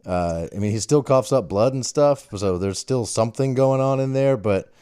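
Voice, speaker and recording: A man's voice: mid-range voice, normal speed, dark tone, smooth, no room sound, studio quality. A man hosting a podcast, chatting casually with an old friend on a recorded call, easygoing and full of fillers and laughs. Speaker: podcast host. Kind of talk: casual phone chat. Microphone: recorded phone call.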